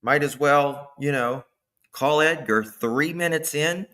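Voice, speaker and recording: Guy hosting a live stream, slow easy talk, kinda bright sharp voice, chatty and thanking chat a lot. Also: fairly high pitch. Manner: chatty, thanks viewers by name, animated asides. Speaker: livestream host. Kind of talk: casual true-crime commentary chat.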